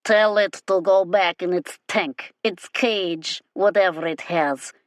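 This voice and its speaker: A woman's voice: lowish voice, takes it slowly, no room sound, clean studio sound. Woman doing a sneering armoured soldier. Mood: contemptuous. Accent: strong Magdan (fictional). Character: hostile armoured male soldier, threatening.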